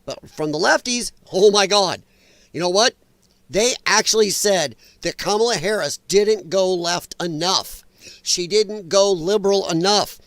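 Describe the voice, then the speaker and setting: Man, high voice, slow unhurried delivery, sarcastic livestream host, slightly strained voice, dry sound. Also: sing-song, fairly bright tone, no echo. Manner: sarcastic, chatty, laughs often. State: voice a little strained. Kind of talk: casual political commentary livestream. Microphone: own microphone.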